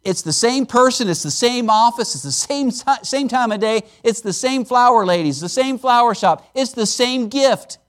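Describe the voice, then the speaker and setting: A man preaching a sermon as a guest speaker at a missions conference, animated and conversational, with emphatic lines and playful asides. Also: extremely high pitch, normal speed, hardly any pauses. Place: church service.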